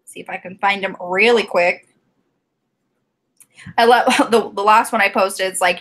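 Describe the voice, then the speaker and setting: A woman's voice: mid-range voice, normal speed, pauses often, a bit bright. A woman co-hosting a casual romance book discussion, gushing and laughing often. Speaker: book club co-host.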